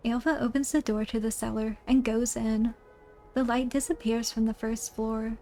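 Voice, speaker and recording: A woman's voice: a little high, fairly even intonation, normal speed, mellow. A woman narrating a spooky play aloud, reading the stage directions in a plain storybook way.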